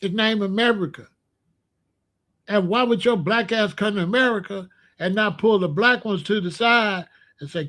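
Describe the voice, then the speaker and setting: A man giving casual, animated commentary with emphatic repetition and sudden loud outbursts. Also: high voice, moderate pace. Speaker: commentary vlogger.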